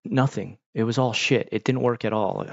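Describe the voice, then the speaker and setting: Man, gravelly voice, casual rambling chat, profane, dull dry lo-fi recording. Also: fairly low pitch, moderate pace, no echo. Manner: animated, profane, often jumps into exaggerated voices.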